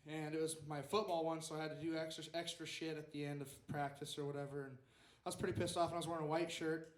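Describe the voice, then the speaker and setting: A man's voice: on the high side, little pitch movement, quick pace, roomy sound. A young man telling a rambling story at an open mic stand-up set, acting out the quotes. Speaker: stand-up comedian. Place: small club stage.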